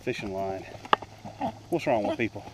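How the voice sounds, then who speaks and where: A man's voice: fairly low pitch, huge pitch swings, moderate pace, creaky, very noisy. A man vlogging outdoors by a lake, chatting casually and talking to his dogs in baby talk. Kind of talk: casual vlog narration.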